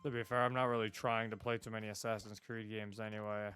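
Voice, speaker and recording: A man's voice: lowish voice, flat delivery, quick pace, a bit bright, clean tone, faint music behind. A young man streaming a video game live, chatting casually, laughing often and swearing now and then.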